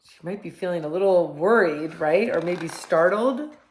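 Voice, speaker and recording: A woman teacher reading picture books aloud to young children, animated and gentle, often asking them questions. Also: on the low side, normal speed, slight background noise. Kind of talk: children's storybook read-aloud. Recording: echoey room.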